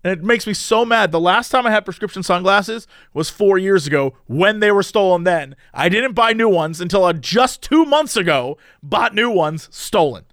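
A man telling a story in casual chat, animated and exasperated, swearing now and then. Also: sits high, moderate pace, few pauses, no echo, studio quality. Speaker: podcast host telling a story.

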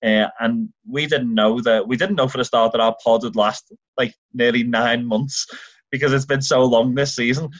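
Irish male podcast co-host, lively storyteller, dull lo-fi recording. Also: mid-range voice, moderate pace, dry recording. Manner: enthusiastic, animated storytelling with acted-out quotes. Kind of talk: casual football chat.

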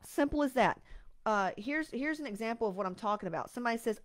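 A woman's voice: on the high side, animated, quick pace, no echo. A woman hosting a motivational podcast, talking bluntly and swearing freely, with sudden emphatic bursts. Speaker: podcast host and coach.

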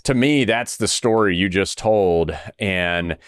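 A man hosting an interview podcast, reflecting on his guest's story in a calm, affirming way. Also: low-pitched, takes it slowly, clean tone, dry recording, clean studio sound. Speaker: podcast host. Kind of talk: casual interview chat.

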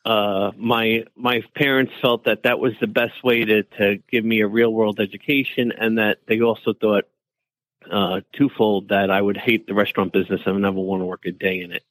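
A man's voice: on the low side, little pitch movement, normal speed, a bit bright, dry recording, low-quality recording. A man with a New York accent, a chef guest in an interview, telling his story in an easygoing, anecdotal way. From New York City. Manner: easygoing, anecdotal, quotes family in voices.

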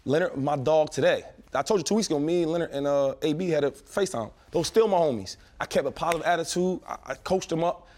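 Fast-talking man in his thirties, animated storyteller. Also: fairly high pitch. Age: 30s. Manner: animated storytelling with slang and quick restarts. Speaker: former pro football player telling stories. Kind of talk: casual podcast chat.

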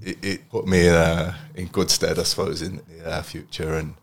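A man in his thirties from Birmingham, a podcast guest telling relaxed stories and laughing often. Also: deep voice, moderate pace. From Birmingham, England. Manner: relaxed storytelling, laughing often, trailing off quietly. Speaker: podcast guest, former footballer. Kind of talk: casual chat.

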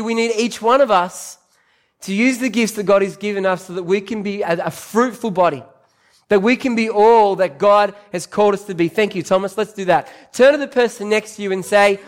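High-voiced Australian pastor preaching. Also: male voice, a little fast. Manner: anecdotal, repeats key phrases for emphasis. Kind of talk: sermon. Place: church service.

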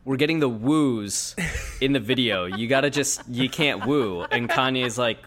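A man's voice: mid-range voice, a little slow, a bit bright, a little hiss or hum. A man in a casual chat, riffing on jokes with hesitant restarts.

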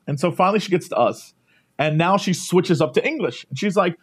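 A man's voice: high-pitched, a little fast, husky. A man co-hosting a podcast, telling a travel story in a casual chat, laughing often and acting out the voices of the people he met. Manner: animated, laughing, acts out quoted voices. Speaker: podcast co-host. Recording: poor quality microphone.

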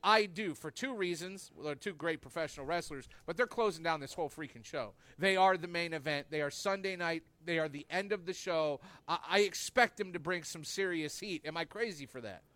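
A man's voice: a little high, brisk, few pauses, bright, forceful tone, no echo. A man hosting a casual wrestling talk show, emphatic and leaning on rhetorical questions. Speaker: podcast host.

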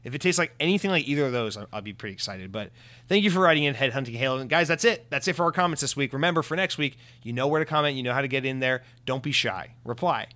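A man's voice: mid-range voice, expressive, fast, bright, forceful tone. A man hosting his own podcast, chatting casually through listener comments, rambling and correcting himself as he goes, with the odd swear. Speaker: podcast host. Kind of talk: casual solo podcast chat.

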